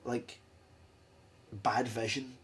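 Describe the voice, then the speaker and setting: A young Scottish man hosting a podcast, talking in a rambling, animated way. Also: medium pitch, very slow, distant mic. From Scotland. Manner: animated, rambling, mimics voices. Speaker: podcast host. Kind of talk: casual podcast conversation.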